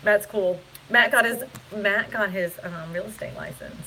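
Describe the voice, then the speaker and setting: A woman's voice: mid-range voice, normal speed, background noise. A woman real estate agent chatting casually on a live stream from a hotel room, giggly and rambling, recorded on a phone. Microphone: phone camera.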